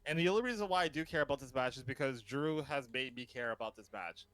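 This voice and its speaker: A man hosting a casual podcast chat, enthusiastic, laughing often and filling pauses with ums. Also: mid-range voice, a bit bright, low-quality recording. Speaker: podcast host.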